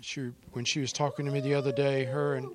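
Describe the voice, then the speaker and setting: A man's voice: mid-range voice, flat delivery, fast. Male pastor, church talk, choked-up sincerity turning to prayer. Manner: emotional, softly spoken then fervent in prayer. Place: church service.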